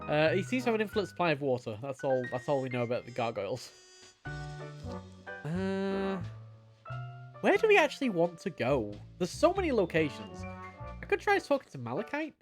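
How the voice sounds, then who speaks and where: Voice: mid-range voice, huge pitch swings, moderate pace, long pauses, soft background music. A young adult streamer chatting casually and playfully with mock-melodramatic flair while playing a game. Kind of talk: casual live-stream commentary.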